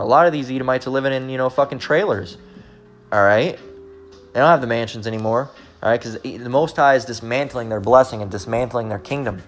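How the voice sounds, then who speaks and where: This informal sermon comes from a man of medium pitch who talks a little fast while soft music plays behind him. His delivery is loose and rambling, peppered with "all right" and frank profanity.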